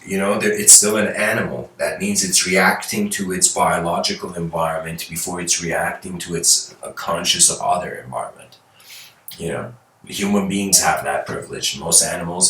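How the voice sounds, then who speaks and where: A man giving a spiritual talk tells a story in a loose, conversational manner. His voice sits fairly low but sounds bright and forceful. It is recorded from a distance in a reverberant room. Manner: loose, conversational, frequent "you know". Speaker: spiritual lecturer. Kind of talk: casual storytelling lecture. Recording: roomy, distant mic.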